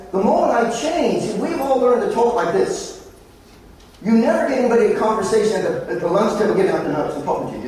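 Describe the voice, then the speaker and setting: High-voiced Australian man, echoey hall. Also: darkish tone, recorded from a distance, a little hiss or hum. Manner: anecdotal, jokey storytelling. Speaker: conference speaker. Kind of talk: motivational presentation. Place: large conference hall.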